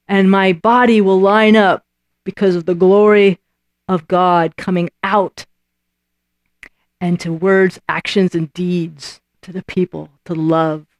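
Woman preacher, middle pitch, animated sermon delivery that acts out quoted voices, dry close recording. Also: no room sound.

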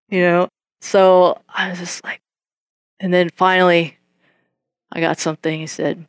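A woman's voice: fairly low pitch, measured pace, pauses often, clean tone, no echo, clean studio sound. A woman sharing her Christian testimony in a casual way. She tells the story vividly, acts out the conversations, and laughs often. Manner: lively storytelling, acts out both sides of conversations; laughs often while telling.

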